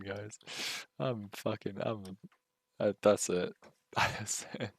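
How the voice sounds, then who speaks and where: Gravelly, exasperated man live-coding on stream. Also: lowish voice, steady tone, slow pace, fairly bright tone. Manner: swears, mutters, laughs at his own frustration. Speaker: livestreaming game developer.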